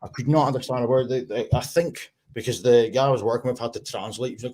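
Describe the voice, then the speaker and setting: Sweary animated Scottish man. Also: medium pitch, quick pace. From Scotland. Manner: sweary, animated, laughs often. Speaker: livestream host. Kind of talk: casual livestream chat.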